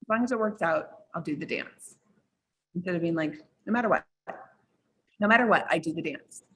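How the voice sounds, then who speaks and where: A woman business coach telling a personal story to a group, animated and full of "like", with big jumps up in pitch. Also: brisk.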